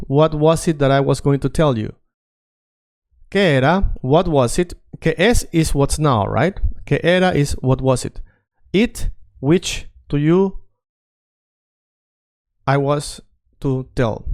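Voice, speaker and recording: Smooth-voiced man drilling phrases. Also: a little high, unhurried, darkish tone. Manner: repeats phrases for drilling, coaxing learners to say them along. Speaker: Spanish teacher. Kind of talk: language drill lesson.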